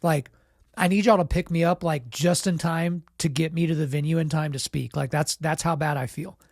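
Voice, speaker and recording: A man with a sore, sick throat, casually telling a story as podcast host, relaxed and self-deprecating with lots of "you know" and "like". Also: fairly high pitch, moderate pace, no room sound, studio quality.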